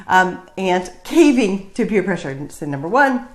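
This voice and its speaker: A woman's voice: mid-range voice, animated, fairly quick. A woman vlogging casually to camera about her Bible reading, chatty and jokey, with plenty of fillers. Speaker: vlogger sharing Bible reflections. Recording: roomy echo.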